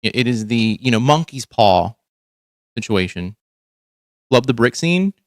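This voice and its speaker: A man's voice: medium pitch, expressive, measured pace, no room sound, clean studio sound. A man hosting a casual reaction livestream, talking bluntly and profanely with lots of restarts. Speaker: livestream host.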